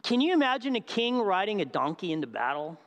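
In a muffled recording, a pastor preaches briskly in a fairly high voice while a large hall's long reverb echoes around him. He's animated, drawing the audience in with questions and acting out what he describes.

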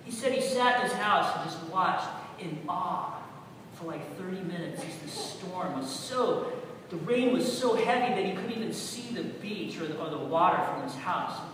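A man in his fifties from California preaching a sermon, telling stories animatedly and swinging from hushed tones to loud exclamations. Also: high voice, normal speed. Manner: animated storytelling, shifting from hushed to shouting. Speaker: pastor. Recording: echoey hall from far off, audible room noise.

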